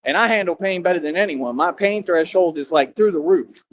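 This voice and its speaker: A man in an impassioned streamed rant, preachy and defiant, swinging between shouting and low brooding. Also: fairly quick. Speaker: livestreamer. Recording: dry, dull lo-fi stream audio.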